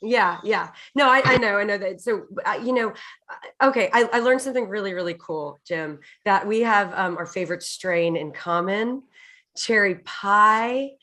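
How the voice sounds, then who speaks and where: A woman's voice: mid-range voice, moderate pace, bright, forceful tone. Enthusiastic woman hosting a talk show. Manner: enthusiastic, laughs often. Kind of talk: casual interview chat.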